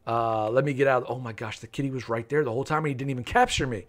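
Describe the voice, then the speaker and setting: This is a man in his thirties running a live game stream at home, speaking into a desk mic at a quick pace with a medium-pitched voice. He keeps it playful, laughing often and repeating his lines.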